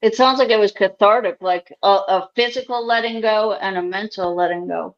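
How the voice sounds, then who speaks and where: A woman's voice: medium pitch, normal speed. A woman hosting a casual conversation, speaking frankly and opinionatedly, on a dull lo-fi recording. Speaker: host.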